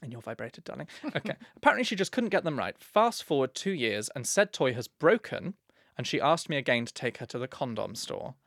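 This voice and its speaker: A man's voice: mid-range voice, sing-song, a little fast, vocal fry, a bit bright, no room sound, clean studio sound. A young man co-hosting a podcast, reading listener letters in a camp, playful way. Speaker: podcast co-host.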